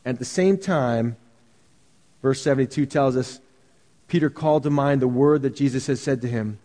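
A man's voice: mid-range voice, moderate pace, mellow, in a large hall. A man preaching a sermon as pastor, earnest and full of rhetorical questions.

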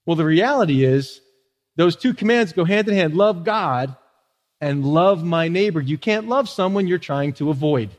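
A man's voice: a little high, expressive, moderate pace. A man preaching a sermon as pastor, conversational, with frequent rhetorical questions to the congregation. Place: church sanctuary. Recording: long church reverb.

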